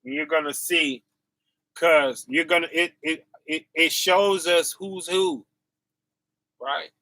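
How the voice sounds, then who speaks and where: A man delivering a casual, slang-heavy sermon at an unhurried pace. His voice sits high and bright and is recorded dry and close with no room sound. He keeps checking in with his listeners and laughs softly between points. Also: steady tone, no room sound. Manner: casual slang, repetitive "right?" and "y'all"; laughs to himself, dips quiet then bursts loud. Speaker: preacher. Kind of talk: informal sermon.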